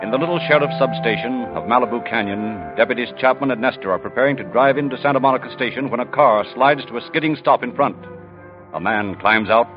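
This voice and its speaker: Measured man narrating a radio drama. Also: mid-range voice. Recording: dull old radio recording with music.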